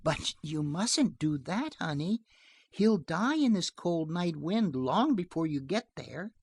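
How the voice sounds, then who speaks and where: A reader voicing a calm young mother who gently coaxes her child in a soft, restrained voice. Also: mid-range voice, takes it slowly, husky, dry recording, voice pushed up, heavily acted. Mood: gentle coaxing.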